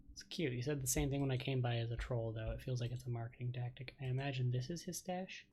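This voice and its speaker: A man's voice: mid-range voice, fast talker, few pauses, a little mellow. Playful man streaming a game. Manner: playful, chatty asides. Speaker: let's-play streamer. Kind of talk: casual game commentary and reading game text aloud.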